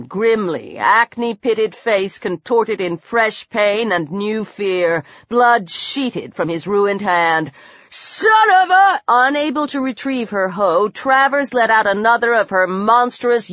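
A woman narrating a horror novel in a measured, dramatic reading. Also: mid-range voice, fairly bright tone, no room sound. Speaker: audiobook narrator. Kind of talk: scripted narration. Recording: dull dry audiobook recording.

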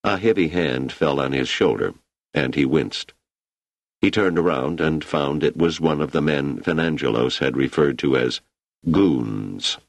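A man reading a story aloud in a steady, measured voice as an audiobook narrator, recorded on a close microphone. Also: extremely low pitch, gravelly, no room sound. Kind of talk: scripted narration.

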